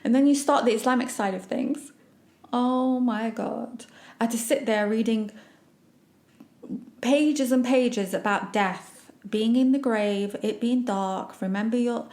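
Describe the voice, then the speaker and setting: A woman hosts a podcast and recounts her own experiences. She speaks emphatically and animatedly, with a slightly high voice. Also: measured pace. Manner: emphatic, animated, acts out quoted remarks. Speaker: podcast host. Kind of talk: personal storytelling.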